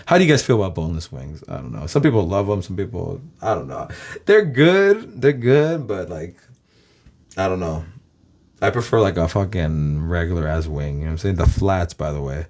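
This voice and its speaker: A Los Angeles vlogger with a Californian American accent addresses his viewers in a loose, profane ramble full of "guys." His voice is low and darkish in tone, and he talks fairly quickly.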